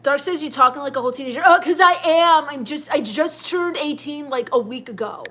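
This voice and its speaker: A high-pitched young woman reads her chat on a livestream. She answers viewers with sassy, snappy comebacks. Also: fast talker, pushed and bright. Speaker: live streamer. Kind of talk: in-character comedy livestream reading chat.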